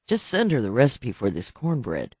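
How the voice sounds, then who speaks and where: A man voicing a soft-spoken nervous man on the run, hesitant and uneasy, in an audiobook. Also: medium pitch, wildly swooping pitch, normal speed, slightly rough, dry recording. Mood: wry.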